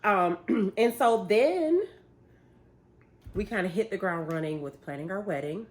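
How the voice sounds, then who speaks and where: A young woman, casually telling a story, animated and laughing as she acts out what people said. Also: mid-range voice, a little slow. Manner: animated, laughing retelling with quoted voices. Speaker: vlogger, bride-to-be.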